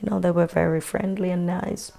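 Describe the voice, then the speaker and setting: An older woman from Jamaica with a Jamaican accent, telling her memories in an unhurried, matter-of-fact way during an oral history interview. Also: fairly low pitch, steady tone, vocal fry, dark tone.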